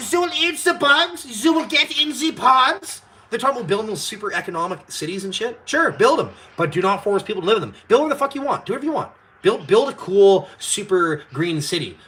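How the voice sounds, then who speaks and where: A man's voice: high voice, pushed and bright. A man hosting a live stream, ranting in a heated, profane, rambling way while drinking. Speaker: host. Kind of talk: casual live-stream rant.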